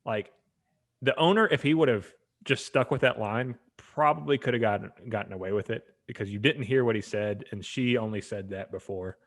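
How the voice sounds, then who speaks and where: A man's voice: lowish voice, normal speed. A man co-hosting a sports podcast, telling a rambling story in casual chat and acting out the people in it. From Atlanta area. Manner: rambling storytelling, acts out quoted voices. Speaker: podcast co-host.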